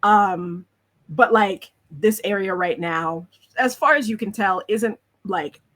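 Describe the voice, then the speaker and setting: A woman's voice: medium pitch, slow, a bit bright. A woman narrating as game master, describing scenes in a chatty way with lots of fillers.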